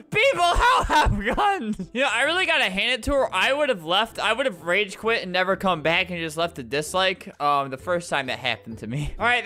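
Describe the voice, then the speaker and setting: Young male streamer, high bright voice, giggly playful commentary. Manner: giggly, playful, laughs often. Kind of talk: gameplay commentary.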